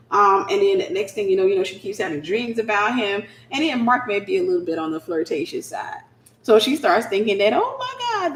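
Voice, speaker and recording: Animated woman preaching in a roomy room. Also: medium pitch, slight background noise. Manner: animated, conversational, acts out scenes. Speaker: Christian teacher. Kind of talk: preaching-style teaching. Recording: roomy echo.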